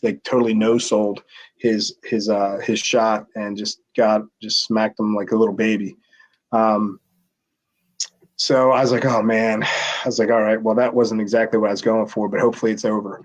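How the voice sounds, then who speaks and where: A middle-aged former wrestler telling a long backstage story in a casual interview, rambling with many restarts and acted-out quotes. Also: male voice, fairly low pitch, low-quality recording. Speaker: former pro wrestler, guest.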